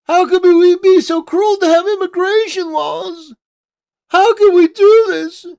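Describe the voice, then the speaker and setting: A man's voice: very high-pitched, fairly even intonation, measured pace, creaky, a little mellow, voice pushed up, heavily acted. A man putting on the voice of a pearl-clutching, overweight woman, sounding like a Southern belle in exaggerated dismay. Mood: mocking.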